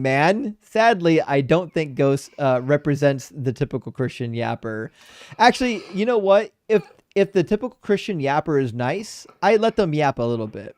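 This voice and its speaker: A man hosting a debate livestream, reading out super chats in blunt, profane, animated casual talk. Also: a little high, normal speed, smooth, dry recording, clean studio sound. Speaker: debate show host.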